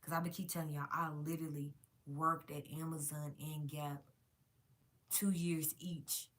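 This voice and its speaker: A woman's voice: low voice, little pitch movement, normal speed, a bit bright. A woman vlogging to her viewers in a casual, emphatic and profane rant, calling them y'all.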